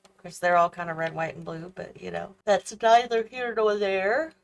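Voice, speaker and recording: A woman's voice: fairly low pitch, level tone, moderate pace, creaky. A tired, yawning woman chatting casually as she builds a house in a game, thinking aloud and questioning her own choices as she goes. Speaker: host of a gaming channel.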